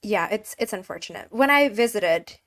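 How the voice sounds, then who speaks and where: A woman's voice: medium pitch, lively intonation, a bit bright. A woman co-hosting a podcast on a video call, chatting casually with many "like"s and ready laughs. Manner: chatty, quick to laugh, leans on "like". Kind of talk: casual chat.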